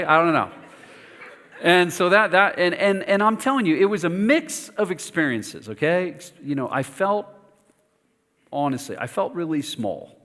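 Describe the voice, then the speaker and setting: A pastor preaching a sermon, telling a personal story in an animated, self-mocking way with lively asides. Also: male voice, on the high side. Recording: long reverb of a church hall.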